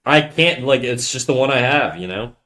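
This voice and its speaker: A young man streams live and rambles fast to his chat, his deep, bassy, nasal voice tumbling into stutters and restarts. He is slangy and profane, calling everyone dude. His pitch sits mid-range for a man. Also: lively intonation, bright, forceful tone. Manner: swearing, slangy, calls listeners dude. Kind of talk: casual chat reading viewer comments.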